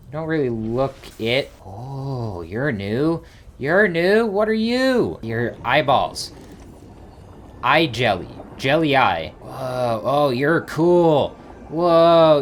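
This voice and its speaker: A man's voice: mid-range voice, a little hiss or hum. A man hosting a let's play, giving rambling gameplay commentary and thinking aloud with small exclamations.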